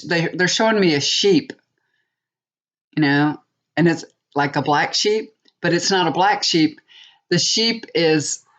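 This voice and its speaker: A woman's voice: deep voice, fairly bright tone. A woman in her sixties, a tarot reader, chatting to viewers in a rambling, self-mocking way, with laughs along the way. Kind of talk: casual monologue to viewers. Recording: dull lo-fi home recording.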